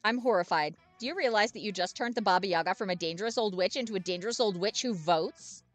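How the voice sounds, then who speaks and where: A woman's voice: medium pitch, very fast, soft background music, natural voice. A woman voicing a blunt, sarcastic young witch girl in a game playthrough. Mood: disgusted.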